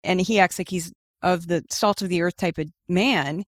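A woman answering interview questions in a casual, animated way, full of "like" and "you know". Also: fairly low pitch, moderate pace, no echo, studio quality. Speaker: guest, media newsletter writer.

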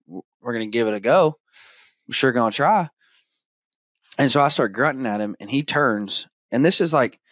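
Man, podcast host, casual storytelling, dry close sound, animated. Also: on the low side, dry recording. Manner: animated storyteller, acts out his son's excited shouts.

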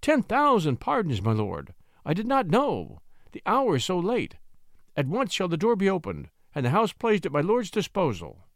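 Nervous grovelling innkeeper, put on by a man, raised pitch, stammering. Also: wildly swooping pitch, normal speed, no echo, clean studio sound, heavily acted. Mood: fawning. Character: frightened, fawning male innkeeper.

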